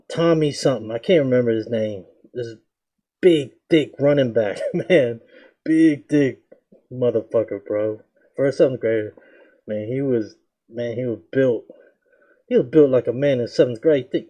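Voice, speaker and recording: Young male vlogger, laid-back slangy storyteller with a mellow, darker voice, mid pitch, acts out the lines he quotes. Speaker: reaction video host. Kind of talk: casual storytelling.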